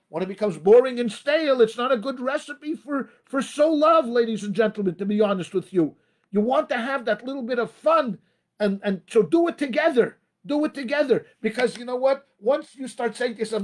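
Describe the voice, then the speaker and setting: A male rabbi gives an emphatic motivational talk about marriage, repeating phrases and addressing the audience as ladies and gentlemen. His voice is very high-pitched and expressive, and he speaks fairly quickly.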